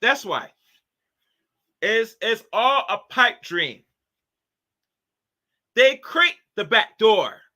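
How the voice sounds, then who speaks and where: A man's voice: high voice, big pitch swings, drawn-out words, long pauses, sharp tone. A man hosting a casual opinion commentary, rambling and preachy, with many fillers. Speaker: commentary channel host.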